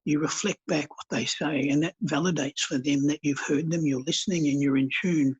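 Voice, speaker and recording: A man, a counsellor, telling stories calmly and earnestly in a podcast interview, with blunt colloquial words. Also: on the high side, brisk, husky. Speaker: counsellor and healer guest. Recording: dull lo-fi podcast audio.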